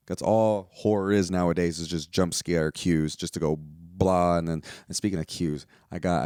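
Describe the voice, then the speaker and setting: A man's voice: deep voice, dark tone, smooth, dry recording, studio quality. A young man from the United States hosting a solo podcast, talking in a rambling, profane, exasperated way. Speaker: podcast host. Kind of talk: casual solo podcast rant.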